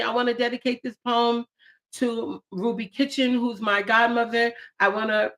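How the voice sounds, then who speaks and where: Bright-voiced woman poet on a live stream. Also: fairly high pitch. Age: young adult. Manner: playful, talks back to herself, swings from joking to tearful. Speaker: poet and channel host. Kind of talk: live stream, reading poems with chatty asides.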